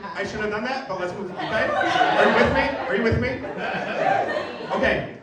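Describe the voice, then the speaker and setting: Animated young male stand-up comic. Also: brisk, loud music behind the voice. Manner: animated, self-mocking, jumps into high-pitched acted voices. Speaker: stand-up comedian. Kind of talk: stand-up comedy set. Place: comedy venue with a live audience. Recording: roomy, distant live club recording with crowd laughter. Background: audience laughing.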